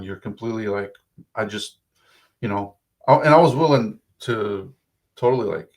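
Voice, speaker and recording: A man's voice: on the low side, moderate pace. A man in his thirties with an Eastern European accent, a guest telling his story in a loose, rambling, self-deprecating way. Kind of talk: casual interview chat.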